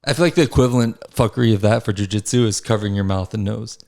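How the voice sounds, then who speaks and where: A man's voice: fairly low pitch, fast talker, creaky, a little mellow. A young adult man hosting a podcast, telling stories in casual chat, swearing freely and laughing as he talks. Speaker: podcast host.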